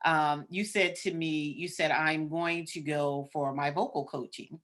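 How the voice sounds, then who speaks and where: A woman hosts a casual interview podcast. Her voice sits low for a woman. She keeps the talk affirming and often murmurs agreement with her guest. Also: steady tone, measured pace, a bit bright.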